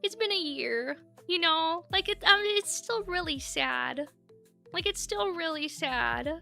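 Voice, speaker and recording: A woman's voice: very high voice, animated, unhurried, gravelly, bright, forceful tone, soft background music. A young woman streaming, chatting casually and candidly with her viewers and swearing freely. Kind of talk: casual live-stream chat.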